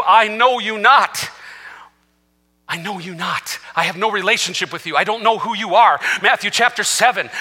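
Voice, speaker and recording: High, bright-voiced fiery preacher man. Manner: passionate, fiery preaching with quoted scripture. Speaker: senior pastor. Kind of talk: sermon. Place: church sanctuary with live congregation. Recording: reverberant hall.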